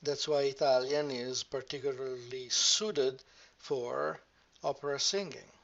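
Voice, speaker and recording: Male teacher giving a grammar lesson, unhurried and careful, stretching example words; clear, bright tone. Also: mid-range voice, dull audio. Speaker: language teacher.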